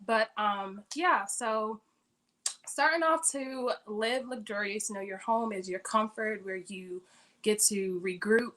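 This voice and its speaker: A woman's voice: medium pitch, takes it slowly, fairly bright tone. Chatty woman giving decor tips. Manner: chatty, upbeat, addresses audience directly. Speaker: interior decorator speaker. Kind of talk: casual how-to talk. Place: her bedroom.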